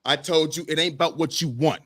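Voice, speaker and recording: A young man co-hosting a sports podcast, loud and insistent, arguing in a heated debate. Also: on the high side, fairly quick. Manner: loud, insistent, says he always talks this way. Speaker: podcast co-host.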